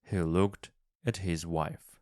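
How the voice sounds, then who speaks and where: A man narrating a story slowly and calmly for English learners. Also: low-pitched, dry recording, studio quality. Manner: calm, clearly paced reading.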